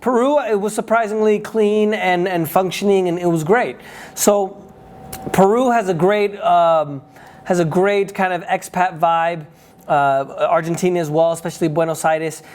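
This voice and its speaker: A man whose first language is Spanish, speaking in a slightly higher register. He chats casually to camera as a travel vlogger. He gives his opinions freely and works out his points aloud. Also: measured pace. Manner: chatty, opinionated, thinking aloud.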